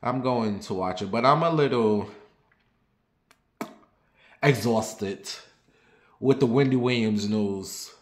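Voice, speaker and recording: A man's voice: medium pitch, takes it slowly, long pauses. Candid chatty man in an echoey room. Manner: candid and confiding, rambling with restarts; turns lively and sassy when telling stories. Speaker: vlogger. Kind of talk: casual personal chat to camera. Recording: roomy echo.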